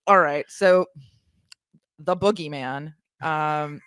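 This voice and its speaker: A woman's voice: low-pitched, takes it slowly, fairly bright tone, clean tone, no room sound, clean studio sound. A woman hosting a casual podcast chat, telling stories in a playful, wry way. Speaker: podcast host.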